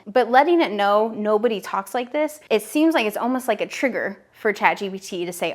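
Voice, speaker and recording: This is a woman in her thirties giving a direct-to-camera business lesson. She is upbeat and direct and addresses the viewer personally. Her voice sits at a middling pitch. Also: expressive, a little fast, hardly any pauses. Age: 30s. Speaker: online business educator. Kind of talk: direct-to-camera teaching video.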